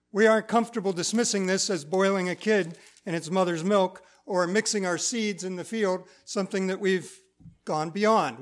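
A man's voice: sits high, fairly bright tone. A man preaching a sermon in church. He reads scripture aloud and explains it in plain, conversational teaching.

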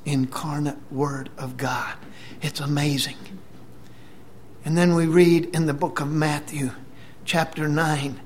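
A man preaching a sermon, retelling scripture dramatically, dropping to a whisper and then booming out. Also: slight background noise.

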